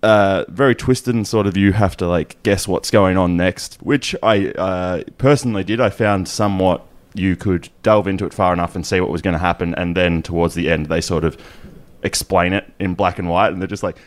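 A man's voice: sits low, fairly even intonation, normal speed, dry recording. A man casually chatting about films he watched, rambling with lots of fillers and restarts. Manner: rambling, hesitant, full of fillers. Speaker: podcast co-host. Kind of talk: casual chat.

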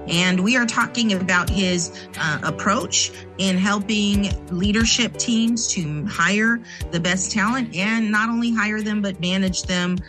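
A woman's voice: mid-range voice, a little slow, few pauses, music in the background. A woman hosting a talk radio show, who welcomes listeners, thanks her guest and asks him questions with many small fillers. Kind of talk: radio interview.

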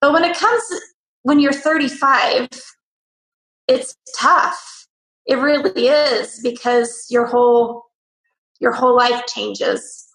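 A woman interview guest telling a personal story in an animated way. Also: on the high side, slow, reverberant, poor audio. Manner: lively, acts out quoted voices.

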